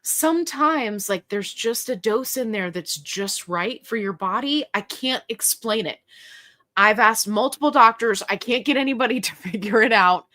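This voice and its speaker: A woman's voice: a little high, moderate pace, pushed and bright. A middle-aged woman hosting a casual livestream, chatty and jokey as she reads viewer comments aloud. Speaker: livestream host.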